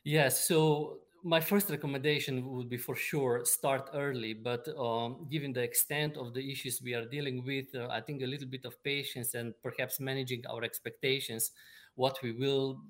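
Male expert guest, mid-pitched, measured and halting delivery. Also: steady tone. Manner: measured, explanatory, many ums and uhs. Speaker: supply chain expert guest. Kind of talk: remote interview answers.

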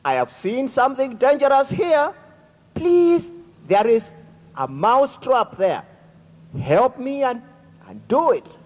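A man's voice: very high-pitched, big pitch swings, slow pace, long pauses, big-room sound, pitched above the performer's own voice, exaggerated voice. A man voicing a small frightened mouse who keeps begging his friends for help, in a storytelling talk. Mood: pleading. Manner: pleading, urgent.

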